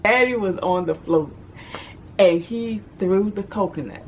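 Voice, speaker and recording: A woman telling a childhood story in a casual storytime vlog, animated and quick to act out the voices of the people in it. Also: mid-range voice, noisy background. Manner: animated, acts out voices and shouts.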